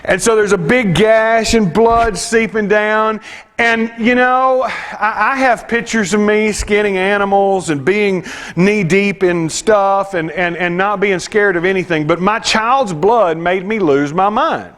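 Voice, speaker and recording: Male preacher, high voice, chatty sermon delivery that stumbles and restarts, self-mocking asides. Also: measured pace, fairly bright tone. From United States. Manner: conversational and self-deprecating, with restarts. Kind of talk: sermon with scripture reading.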